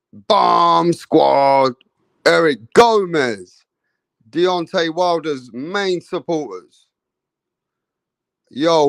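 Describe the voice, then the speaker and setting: A man's voice: a little high, creaky, no echo. A man hosting a casual boxing livestream, greeting viewers in the chat by name in slangy talk.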